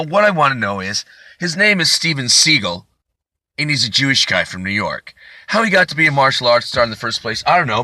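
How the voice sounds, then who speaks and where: A man's voice: mid-range voice, pushed and bright, no echo, studio quality. A man comedian delivering a rambling, profane, indignant comedic rant.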